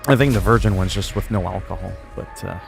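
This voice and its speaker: A man's voice: deep voice, a little fast, gravelly, over music. A man in his forties chatting casually on a game livestream, rambling, with crude joking asides. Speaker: game streamer.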